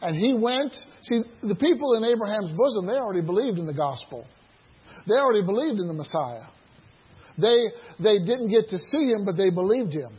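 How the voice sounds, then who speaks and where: A man preaching a sermon to his church, building to loud shouted crescendos and dropping back to a low, quiet delivery. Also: animated, a little fast, husky, lo-fi sound. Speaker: pastor.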